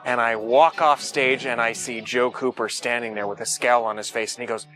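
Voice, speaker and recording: A man, a stage actor, telling an anecdote in an interview with a relaxed storytelling manner. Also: mid-range voice, brisk, hardly any pauses, soft background music. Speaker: stage actor recalling a colleague.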